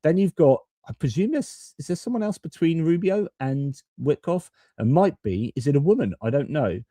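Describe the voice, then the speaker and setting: A man's voice: fairly high pitch, big pitch swings, moderate pace, warm tone, dry recording, studio quality. A man hosting a live-stream commentary, reading out viewer comments and giving rambling, opinionated, self-correcting takes. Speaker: host of a live-stream geopolitics channel.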